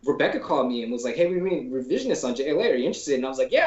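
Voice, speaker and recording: A man's voice: fairly high pitch, rapid-fire. A man guest on a podcast, a storyboard artist telling stories in a loose, slangy way, full of "like" and casual swearing, and acting out the people he quotes. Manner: acts out quoted people in animated voices. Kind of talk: casual anecdotal storytelling in an interview. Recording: roomy, dull lo-fi call audio.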